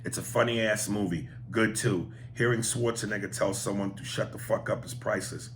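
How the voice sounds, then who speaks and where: A man's voice: on the low side, fairly even intonation, brisk, hardly any pauses. A man hosting a podcast, reading listener emails aloud with profane, joking commentary. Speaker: podcast host.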